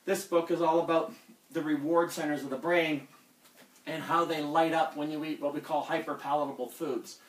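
A man's voice: on the high side, steady tone, normal speed, echoey room, distant mic, rough recording. A man coaching fitness on a live stream, blunt and lecturing as he talks through diet advice.

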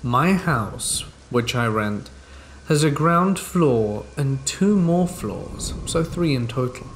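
A man reading scary stories aloud in a measured, steady scripted narration. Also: mid-range voice, slight background noise, poor audio. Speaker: horror story narrator. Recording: rain sounds under the narration. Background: rain.

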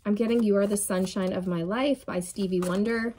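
A woman delivers a channeled tarot reading in a mid-range voice. She speaks emphatically and encouragingly, repeating herself for emphasis and pausing often to check in with her listener. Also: mid-range voice, fairly even intonation, dark tone, slight background noise. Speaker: tarot reader.

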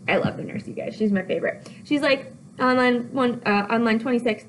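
A woman teacher giving a casual, chatty video lesson, animated, with lots of "like" and "okay?". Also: a little high, normal speed, a little hiss or hum, low-quality recording.

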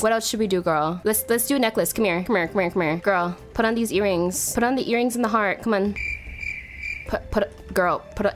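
A young woman commenting excitedly on her gameplay, bubbly and given to squeals, calling her teammate girl. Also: mid-range voice, a little fast. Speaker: gaming YouTuber. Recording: faint music behind.

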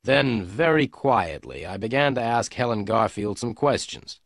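A man reading a detective story aloud in clear, measured narration for English learners. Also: on the low side, animated, fairly bright tone, no echo, clean studio sound. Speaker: audiobook narrator.

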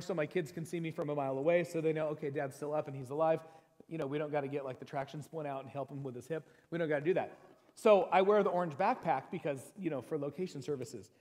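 A middle-aged man preaching a sermon as pastor, talking in a conversational, joking way with personal stories and reading scripture slowly with emphasis. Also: on the high side, darkish tone. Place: church sanctuary. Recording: long church hall reverb.

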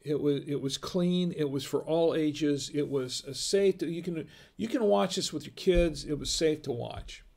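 A man's voice: fairly high pitch, moderate pace, vocal fry, darkish tone. A middle-aged man from North Carolina hosting a casual livestream, rambling and chatty with many fillers and restarts. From North Carolina, USA. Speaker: host.

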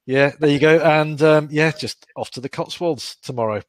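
A man's voice: on the high side, normal speed, dry recording. Joking Welsh-born man with a Brummie lilt. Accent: Birmingham. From Wales. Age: middle-aged. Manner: jokey, self-mocking. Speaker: dentist, podcast co-host. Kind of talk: casual chat.

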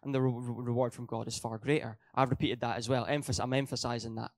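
A young man with a medium-pitched, steady voice talks fast while preaching a sermon in a church hall. Earnest, he drives his points home through repetition and corrects his own slips along the way.

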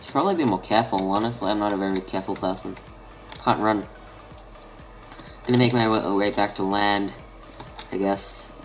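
A man's voice: on the low side, moderate pace, long pauses, soft background music. A man with an Australian accent giving casual gameplay commentary, thinking aloud and muttering half-finished sentences to himself. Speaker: gaming channel host.

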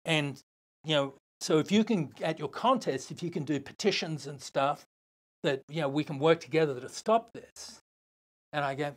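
An older man with an Australian accent, a podcast guest telling a long story in a lively, casual way, acting out other people's lines. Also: a little high, moderate pace. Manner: animated, swearing, acts out other voices.

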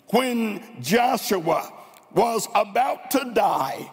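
A man from Tennessee with a Southern accent, preaching a fervent sermon with drawn-out, dramatic emphasis in a large church. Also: high voice, animated. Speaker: guest preacher. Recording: long reverb in a large church.

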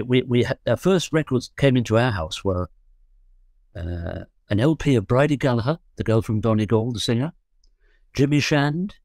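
A man's voice: fairly low pitch, a little mellow, dry recording, clean studio sound. Older man telling rambling stories. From London. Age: 70s. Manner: rambling, self-correcting, joking. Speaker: guest musician. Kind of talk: relaxed storytelling.

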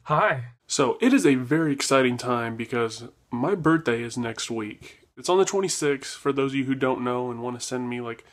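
A man's voice: mid-range voice, expressive, moderate pace. A man hosting a comedic vlog in his house, talking in a sarcastic, mock-dramatic way. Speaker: vlog host.

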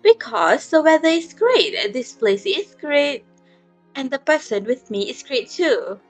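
A woman calmly narrating a romance story in second person and reading the heroine's lines in a soft, even voice. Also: high voice, measured pace, soft background music.

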